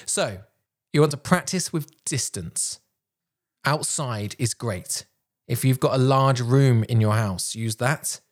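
A man coaching public speaking, talking in a projected, deliberate way with pauses, recorded on a microphone while wearing headphones. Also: mid-range voice. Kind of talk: instructional talk to camera. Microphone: headphones and a normal microphone.

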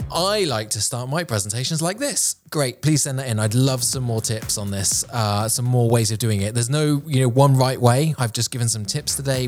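A podcast host talks about presenting with an energetic, projected voice and careful, clear enunciation. His voice is mid-range, and he speaks into a studio microphone.

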